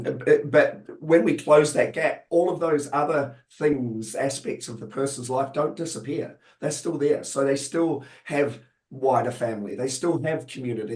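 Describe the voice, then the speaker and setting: Guy on a webinar panel, voice getting hoarse, lots of restarts, echoey room. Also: mid-range voice, darkish tone. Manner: hesitant, many restarts, thoughtful. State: voice going hoarse. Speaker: panelist, autism specialist.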